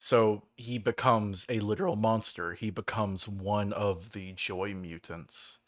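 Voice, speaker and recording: A man's voice: on the low side, fairly even intonation, slow pace, a bit bright. A man hosting a livestream, rambling through a game story in casual chat with lots of fillers. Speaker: livestream host.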